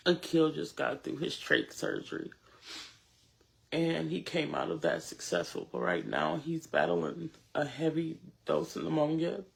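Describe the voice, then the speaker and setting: A mother giving an emotional public statement, tearful and exhausted, halting and repeating her words as she thanks people. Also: low voice, expressive, vocal fry. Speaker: mother of a shooting victim.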